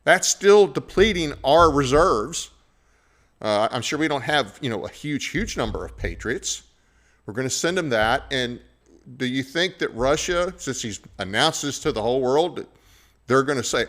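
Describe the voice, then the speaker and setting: A man's voice: mid-range voice, sing-song, normal speed, fairly bright tone. A man hosting a political talk show, giving opinionated commentary in a conversational way with frequent fillers. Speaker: podcast host.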